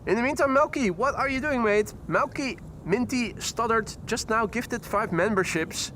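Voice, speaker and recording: A man's voice: very high-pitched, moderate pace. A man hosting a live plane-spotting stream outdoors beside the water, chatting playfully with his viewers. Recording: loud outdoor traffic noise.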